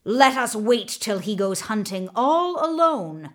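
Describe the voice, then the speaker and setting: Brief: woman doing a loud scheming villain chieftain for a storybook. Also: on the high side, sing-song, slow pace. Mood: defiant. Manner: shouting, scheming. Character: rebellious male chieftain, boastful villain.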